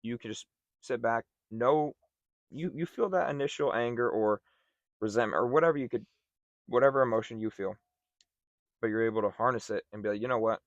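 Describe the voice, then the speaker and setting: A man's voice: mid-range voice, brisk, pauses often, dry recording, lo-fi sound. Earnest young man on a podcast. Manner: earnest, reflective, with many fillers. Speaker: podcast co-host. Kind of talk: casual chat.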